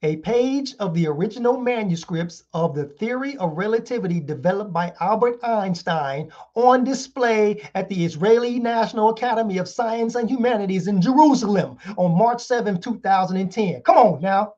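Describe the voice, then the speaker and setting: An online show host delivers a heated, casual lecture, reading articles aloud and firing off rhetorical question after rhetorical question. His high voice is expressive and darkish, moving at a moderate pace with hardly any pauses. The sound is dull and lo-fi.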